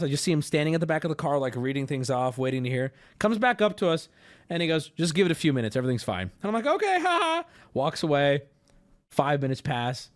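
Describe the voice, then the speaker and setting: A male streamer with a high, very lively voice spins a rambling story for his chat. He slips into the voices of the people he talks about. Faint music plays behind him. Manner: animated, rambling, acts out the people in his stories. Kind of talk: casual storytelling to a live chat.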